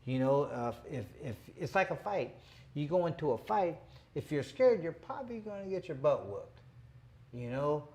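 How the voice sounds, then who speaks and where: A man's voice: a little high, sing-song, normal speed, warm tone. Rambling tough-talking man in his fifties. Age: 50s. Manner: rambling, tough-talking, full of "you know" asides. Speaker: boxing show host. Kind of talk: casual storytelling chat.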